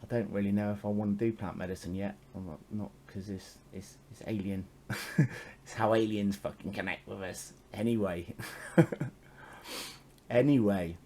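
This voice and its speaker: A man's voice: fairly low pitch, fairly even intonation, moderate pace, mellow, a little hiss or hum. A man telling a spiritual story in a casual, meandering monologue, swearing freely and chuckling often.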